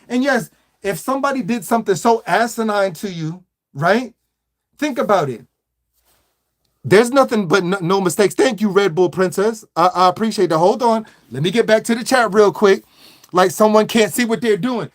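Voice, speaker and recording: High-voiced man ranting on a livestream. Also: normal speed. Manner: animated, repetitive, stacks stuttered restarts; slangy, mocking. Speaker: livestream host. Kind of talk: livestream rant.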